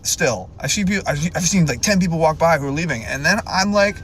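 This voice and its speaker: A man's voice: a little high, expressive, moderate pace, few pauses, noisy background. A man in his twenties telling a rambling, awkward storytime monologue, with a self-deprecating manner. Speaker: TikToker.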